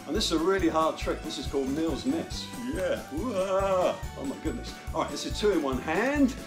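Excitable man with a lively pitch. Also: moderate pace, music in the background. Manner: excitable, playful, laughs while juggling. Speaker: children's club presenter. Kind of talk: energetic talk to children.

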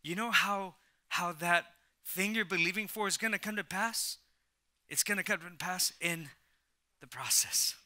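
A man preaching an energetic sermon to a church congregation, prompting the crowd to repeat lines and often restarting his words, swinging from soft asides to loud calls. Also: high voice, a little slow. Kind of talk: energetic sermon with call and response. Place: church service before a congregation.

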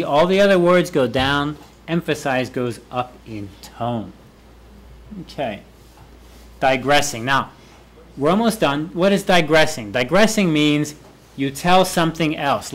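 A man teaching a university class, his voice pitched somewhat high for a man. He repeats key phrases slowly and leans hard on the words he wants to stress, speaking in a classroom. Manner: repeats phrases for students to echo, lively emphasis. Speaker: university professor. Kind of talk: classroom lecture.

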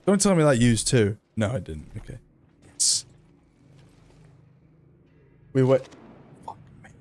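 A man's voice: medium pitch, big pitch swings, takes it slowly, a little mellow. A man giving casual gameplay commentary, chatty and self-mocking, swearing when frustrated. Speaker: gaming video creator.

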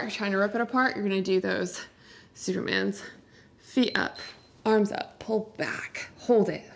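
A breathy, husky-voiced woman coaching a workout at a middle pitch while doing it herself. She is winded from the effort and keeps up upbeat cues and countdowns. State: out of breath from exercising. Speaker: fitness coach. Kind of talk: follow-along workout instruction. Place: indoors, not outside.

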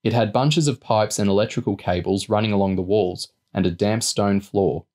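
A man reading a novel aloud as a steady audiobook narration. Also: on the low side, moderate pace. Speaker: reader.

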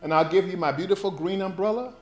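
A small, clever boy from a children's storybook, as a male reader gives him voice, pleading earnestly and sweetly. The voice stays close to the reader's own, a fairly high man's voice. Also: quick pace, darkish tone, roomy sound, natural voice.

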